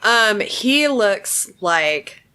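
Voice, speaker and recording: A woman's voice: mid-range voice, big pitch swings, drawn-out words, bright, forceful tone, clear, resonant tone. A woman co-hosting a casual podcast, blunt and sarcastic, swearing freely as she riffs. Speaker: podcast co-host.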